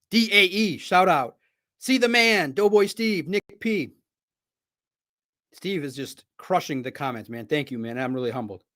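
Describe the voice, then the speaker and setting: A man hosting a live sports stream, talking in an excitable, rambling, chatty way from a home studio. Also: high voice.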